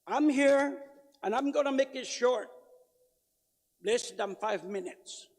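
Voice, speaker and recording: A man giving loud, emphatic public testimony at a legislative hearing. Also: very high voice, slow pace. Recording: reverberant hearing room.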